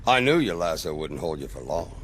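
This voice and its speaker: A man voicing a cold, mocking mercenary villain in a video game cutscene, with loud game music behind him. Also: low voice, very animated, a little fast, heavy background noise. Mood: taunting. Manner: sneering, taunting.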